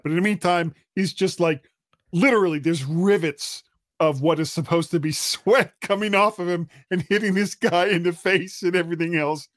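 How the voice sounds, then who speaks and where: A man's voice: a little high, moderate pace, a bit bright, dry recording, studio quality. A man co-hosting a casual tech podcast, telling stories in an easygoing, amused way. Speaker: podcast co-host.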